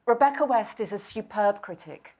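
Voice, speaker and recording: A woman hosting and interviewing at a live bookshop event, making her points crisply, with a wry, assertive edge. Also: medium pitch, expressive, moderate pace, a little mellow. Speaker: host and interviewer. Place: bookshop event before an audience.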